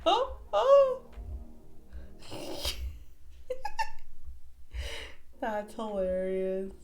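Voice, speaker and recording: A woman's voice: high-pitched, animated, slow, darkish tone, slight background noise. A woman hosting a reaction video, exclaiming, laughing and cooing at funny animal clips in casual commentary. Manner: exclaims often, laughs a lot, coos at animals.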